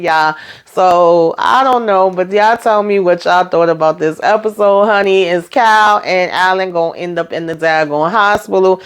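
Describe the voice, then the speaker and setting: A woman vlogger giving a casual, animated recap of a TV episode. She talks to her viewers in slangy, chatty speech and acts out the characters' lines. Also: fairly low pitch, normal speed, clear, resonant tone. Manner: animated retelling, acting out dialogue, frequent laughs; slangy, addresses viewers directly.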